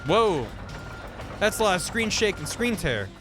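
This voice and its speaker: A young man streaming a game, reacting in a goofy, excitable way. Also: sits high, measured pace, over music.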